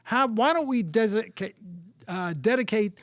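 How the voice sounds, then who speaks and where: An older man hosting a comedy show, trading deadpan quips and jokes with his partner. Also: high voice, moderate pace, dry recording, clean studio sound. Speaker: host. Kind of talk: comedic song and banter.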